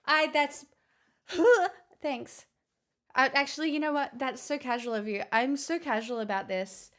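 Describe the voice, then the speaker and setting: A woman's voice: high voice, unhurried, fairly bright tone. A woman streamer chatting casually with her viewers, flustered and giggly, thanking them in stop-start bursts. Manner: flustered, giggly, grateful, talks in stops and restarts. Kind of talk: casual live-stream chat.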